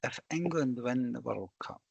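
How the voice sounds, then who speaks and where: A man's voice: medium pitch, normal speed, creaky, breathy edge, dry recording. A man co-hosting a podcast, playful and steering the conversation. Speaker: podcast co-host. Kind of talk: casual podcast chat.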